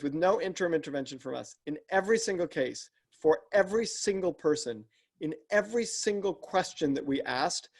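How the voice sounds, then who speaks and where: Higher-voiced man explaining leadership coaching. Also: a little mellow. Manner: earnest, explaining step by step with frequent restarts. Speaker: leadership coach as podcast guest. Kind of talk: explanatory interview talk.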